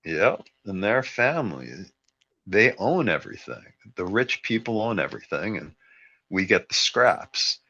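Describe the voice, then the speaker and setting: Gravelly low-voiced man, rambling. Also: big pitch swings, unhurried, bright, forceful tone. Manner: rambling, opinionated. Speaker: podcast host. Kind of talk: casual chat. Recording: dull lo-fi sound.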